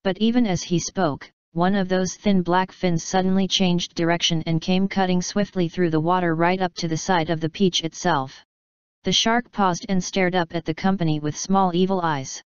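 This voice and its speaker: Woman narrator, storybook reading, crisp lowish voice, dry and a touch dull. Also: steady tone, normal speed, no echo. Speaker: audiobook narrator. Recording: slightly muffled dry recording.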